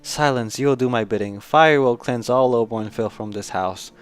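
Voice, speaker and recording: A man voicing a mad, guilt-ridden old nobleman, in a hushed, desperate and scornful manner, for a story game. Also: medium pitch, normal speed, clean tone, natural voice. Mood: hushed menace.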